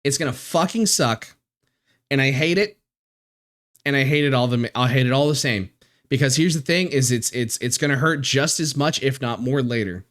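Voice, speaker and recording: A man streaming live, talking in a halting, emotional way with many restarts and swearing, close to tears. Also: mid-range voice, a bit bright. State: near tears. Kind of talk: casual live-stream chat.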